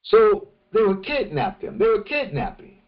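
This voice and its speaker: A man teaching a morning religious session, speaking slowly and deliberately and often restarting his phrases. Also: high voice, big pitch swings, lo-fi sound. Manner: slow, deliberate, with many restarts. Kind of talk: morning lecture.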